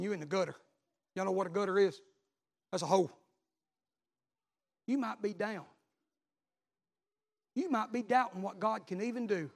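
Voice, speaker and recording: A man, a pastor preaching a sermon, telling a story and then building to loud repeated calls. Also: high voice, gravelly.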